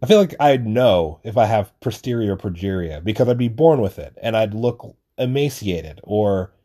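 A man's voice: lowish voice, expressive, moderate pace, warm tone. A young man rambling through a casual solo monologue, swearing often and joking at his own expense. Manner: rambling, swears a lot, self-deprecating. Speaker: podcast host.

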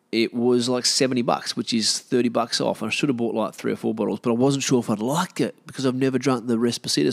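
Talking casually with a mid-range voice and vocal fry, this Australian man rambles in a self-deprecating way, using lots of fillers and restarting his sentences. It's a casual monologue.

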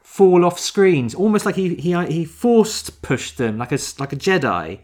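A podcast co-host with a mid-range voice, talking through a film in relaxed conversation. The delivery is wry and joking, with asides and frequent laughs. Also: mid-range voice, measured pace. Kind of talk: casual chat reviewing a film.

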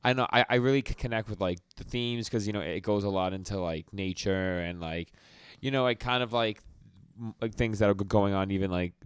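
A man co-hosting a casual podcast in a very deep, smooth voice, recorded dry and close. He speaks haltingly and fills nearly every phrase with "like". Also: no room sound. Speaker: podcast co-host. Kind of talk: casual chat.

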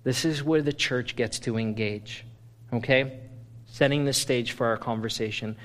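A male pastor preaching a sermon, animated, swinging from loud playful bursts to low, intense stretches. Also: moderate pace, long reverb tail. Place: church sanctuary.

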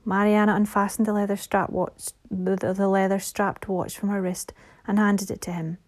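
A woman narrating a fantasy audiobook in a soft, measured reading voice that drops to a whisper at times. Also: medium pitch, little pitch movement.

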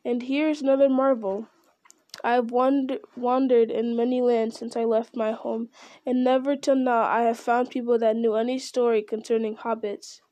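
A woman's voice: fairly high pitch, little pitch movement, moderate pace, mellow, no echo, lightly acted. A woman reading a witty, lazy young male hobbit, cheeky and offhand.

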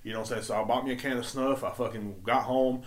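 A man's voice: mid-range voice, fairly even intonation, quick pace. A man hosting his own podcast, ranting casually with heavy swearing and emphatic outbursts. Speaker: podcast host. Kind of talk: casual profane rant.

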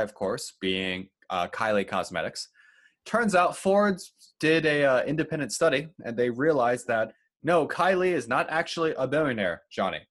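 A man's voice: mid-range voice, fairly bright tone. A man co-hosting a podcast, running through the news in a casual chat with fillers and asides. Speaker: podcast co-host.

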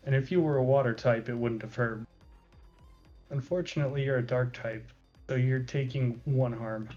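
A man narrating as game master of a tabletop game, in a measured way with many filler pauses. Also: mid-range voice, darkish tone, lo-fi sound, faint music behind.

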